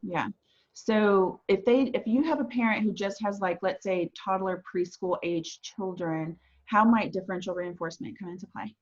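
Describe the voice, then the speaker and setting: A woman's voice: medium pitch, normal speed. A woman hosting an interview and asking upbeat, conversational questions with casual fillers. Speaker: host, therapist. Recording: dull lo-fi audio.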